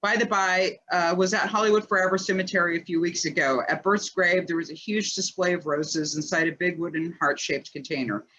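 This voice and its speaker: Bright-voiced woman, chatty co-host. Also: lowish voice, a little fast, few pauses, lo-fi sound, slight background noise. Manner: chatty, with many "like" fillers. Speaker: co-host reading listener questions. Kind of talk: casual chat.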